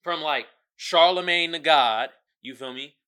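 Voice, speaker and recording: A young man hosting a podcast, riffing in heavy slang, jumping between low mutters and loud outbursts and quoting others as he goes. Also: unhurried, smooth. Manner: heavy slang and fillers, quotes others in character. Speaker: podcast host. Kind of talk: casual commentary.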